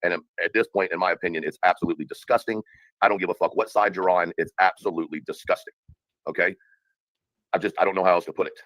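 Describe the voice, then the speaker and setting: Deep, fast-ranting angry man. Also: steady tone, fairly bright tone, no room sound, rough recording. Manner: angry, profane, emphatic. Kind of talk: ranting commentary.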